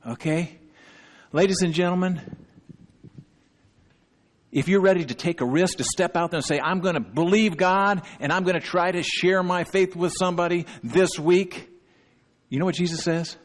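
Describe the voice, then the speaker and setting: A middle-aged male pastor delivers an emphatic sermon, his voice sitting somewhat high for a man. He keeps pausing to check in with his congregation. The recording carries the long reverb of a church hall. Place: church sanctuary.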